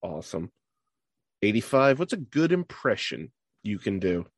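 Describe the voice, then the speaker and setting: Lively, playful male interview host. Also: fairly low pitch, normal speed, breathy edge, no room sound, clean studio sound. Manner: playful, upbeat, jokey reactions. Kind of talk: rapid-fire question interview. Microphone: video call.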